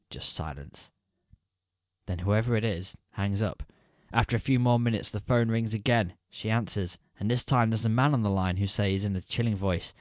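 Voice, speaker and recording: Low-voiced, wry podcast co-host man. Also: a little mellow, dry recording, studio quality. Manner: wry, teasing. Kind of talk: casual chat.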